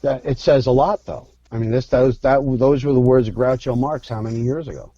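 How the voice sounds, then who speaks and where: Frank storytelling man, mellow voice, dry dull lo-fi sound. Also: medium pitch, brisk, slight background noise. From Philadelphia, US. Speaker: podcast guest, actor. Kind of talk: candid interview talk.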